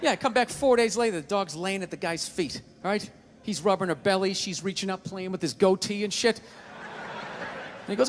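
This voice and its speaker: A man doing a stand-up set, telling an animated story and acting out the voices. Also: high-pitched, moderate pace, in a large hall. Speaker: stand-up comedian.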